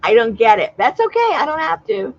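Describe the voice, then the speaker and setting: Laughing often as she tells stories, a woman from Southern California chats casually on a livestream in a high, very animated voice that runs a little fast. The audio is dull and lo-fi.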